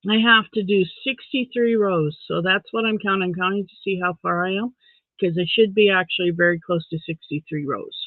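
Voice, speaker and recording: A man with a high, gravelly voice chats on a home live stream while crocheting. He counts rows under his breath and greets viewers by name. The sound is thin and phone-like in a dead, dry room. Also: fairly quick, no room sound. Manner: chatty, counts stitches aloud under the breath.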